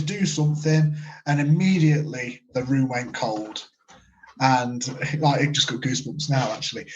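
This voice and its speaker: A British man in his thirties, a medium, telling spooky personal stories in a rambling, casual way full of fillers. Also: medium pitch. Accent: British English. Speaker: guest, medium. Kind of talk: storytelling interview. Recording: muffled lo-fi audio.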